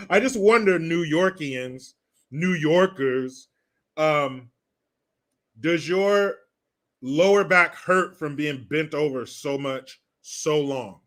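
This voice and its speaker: A man's voice: on the high side, lively intonation, drawn-out words, pauses often, a bit bright. A man hosting a live stream, ranting through political commentary in a crude, sarcastic way and swearing freely. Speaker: livestream host.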